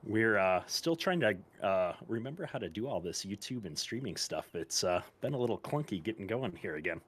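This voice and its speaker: A man's voice: lowish voice, animated, a little fast, a bit bright, husky. A man joining a game livestream as a guest, chatting in a friendly, upbeat way. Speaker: guest streamer. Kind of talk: casual livestream chat.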